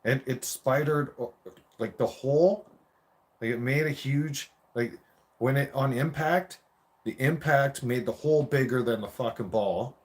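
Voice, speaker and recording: A man's voice: mid-range voice, measured pace. A man in his forties telling a rambling, profane childhood story in a casual rant.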